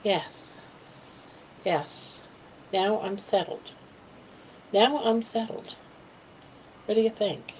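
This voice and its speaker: An older woman chats slowly and casually to her viewers from home, now and then cooing to her pet. Her voice sits at an ordinary middle pitch. The stream audio is dull and lo-fi, with a faint hiss behind her. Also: darkish tone. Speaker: livestream host. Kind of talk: casual livestream chat.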